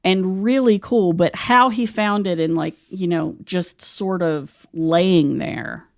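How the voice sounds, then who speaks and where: A woman's voice: lowish voice, slow pace, vocal fry, a little mellow, no echo, studio quality. A woman from West Virginia hosting a podcast, telling stories in a chatty, rambling way. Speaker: podcast host. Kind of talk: casual conversation.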